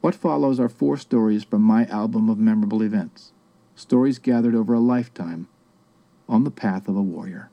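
A man giving a measured, reflective first-person audiobook narration. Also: on the low side, mellow, muffled recording.

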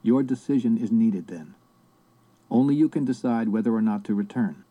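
A man's voice: fairly low pitch, moderate pace, mellow, highs cut off, lightly acted. A man reading as a stern old sorcerer. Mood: solemn. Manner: harsh, commanding, solemn. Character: older male sorcerer, stern and authoritative. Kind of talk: audiobook character reading.

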